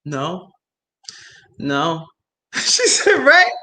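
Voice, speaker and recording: A young woman hosting a casual chat, telling an animated story with slang and frequent laughter. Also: deep voice, drawn-out words. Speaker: host.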